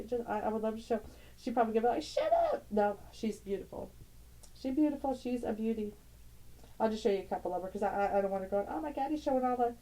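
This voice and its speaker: Mellow-voiced middle-aged woman, rambling and tender. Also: medium pitch, poor audio. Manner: rambling, tender, laughs often, broken-off sentences. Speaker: tarot channel host. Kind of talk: casual emotional vlog, showing family photos.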